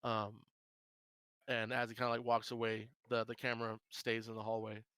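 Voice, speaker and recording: A man's voice: lowish voice, monotone, normal speed, a bit bright, smooth, no room sound, rough recording. A man narrating a tabletop game as game master, rambling with many fillers.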